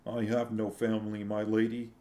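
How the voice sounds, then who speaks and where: A man reading a novel aloud and voicing a starving male serf who speaks flatly and hopelessly, at times quavering. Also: fairly low pitch, normal speed, natural voice. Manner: flat, dead-voiced, then quavering.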